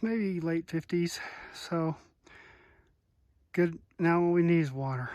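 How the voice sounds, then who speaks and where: A middle-aged man talks into a handheld camera outdoors on a mountain trail, in a voice set a little high for a man. His talk is chatty and loose, full of ums, with a self-mocking streak. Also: darkish tone, dry recording. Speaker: hiker vlogging a long trail. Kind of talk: casual trail vlog.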